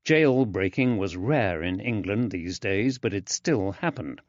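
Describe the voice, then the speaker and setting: Man narrating an audiobook, lively delivery. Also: on the low side, dry recording. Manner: measured, expressive. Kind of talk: scripted narration. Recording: dry, slightly dull.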